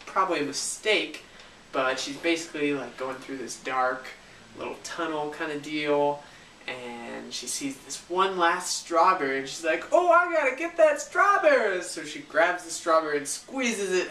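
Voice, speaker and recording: Snarky vlogger ripping on a music video, bright sharp voice, roomy echo, bit far from the mic. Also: mid-range voice. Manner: sarcastic, mocking, animated retelling. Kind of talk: casual sarcastic video review. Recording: echoey room, mic at a distance, faint hiss.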